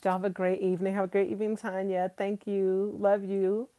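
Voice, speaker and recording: This livestream host speaks in a mid-range voice that is dark in tone, fairly quick and flat in delivery. She chats casually and enthusiastically with viewers, says y'all, and repeats things for emphasis.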